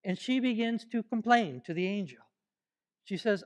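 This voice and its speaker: A man preaching a sermon at a church service, animated and playful, leading the congregation in call-and-response exercises. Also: high-pitched, normal speed. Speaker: pastor.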